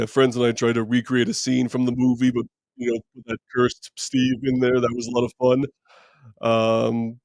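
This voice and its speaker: A man with a deep voice hosting a live movie chat stream, talking casually and rambling with lots of fillers as he reads viewer comments. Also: vocal fry, dry recording, low-quality recording. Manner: relaxed, rambling, many fillers and restarts. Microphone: streaming mic.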